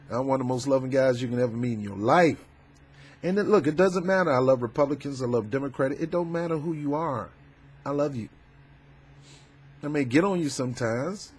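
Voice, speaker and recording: A man doing a casual political commentary vlog, talking in a fervent, preachy, colloquial way with loud emphatic outbursts. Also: medium pitch, husky. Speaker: YouTube commentator.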